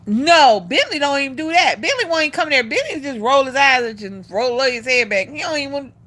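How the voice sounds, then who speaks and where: A woman's voice: high voice, sing-song, a little fast, fairly bright tone. A woman hosting a casual livestream, chatting with her viewers and calling them y'all. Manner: sing-song coaxing to her dog. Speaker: livestream host.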